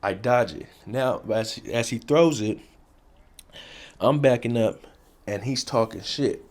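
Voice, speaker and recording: A man with a medium-pitched voice talks slowly to camera, recounting his past in casual street storytelling. His language is blunt and profane, and he repeats key phrases for effect.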